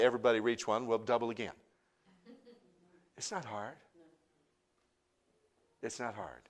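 A male pastor preaching a sermon, asking the congregation rhetorical questions, building to loud emphatic peaks and then dropping to a quieter, confessional tone. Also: on the low side.

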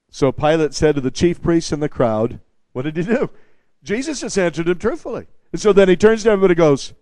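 A man with a slightly high voice preaching to his congregation, recorded dry and close with little room sound. He builds emphasis by repeating phrases and breaks it with wry, humorous asides. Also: animated, a little fast, darkish tone, no echo. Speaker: pastor. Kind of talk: expository sermon.

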